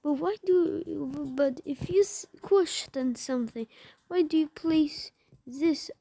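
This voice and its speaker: A woman's voice: high-pitched, takes it slowly, warm tone, dry recording. A woman giving casual gameplay commentary, swearing a lot and often dropping into muttered whispers. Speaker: gamer.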